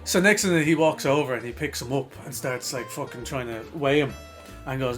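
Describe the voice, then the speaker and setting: A man's voice: medium pitch, fairly quick, soft background music. A young Irish man co-hosting a podcast, telling crude stories with lots of swearing and laughter, acting out the voices of the people in them. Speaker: podcast co-host. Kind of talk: crude casual storytelling.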